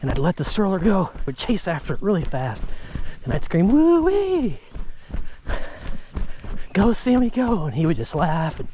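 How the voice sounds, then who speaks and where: A man with a somewhat high voice films himself on an outdoor nature trail with a handheld phone. He talks candidly and reflectively, spurring himself on as he walks and jogs. Faint noise sits behind his voice. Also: animated, brisk, few pauses, darkish tone. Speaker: bereaved father vlogging. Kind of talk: candid walking-and-jogging vlog.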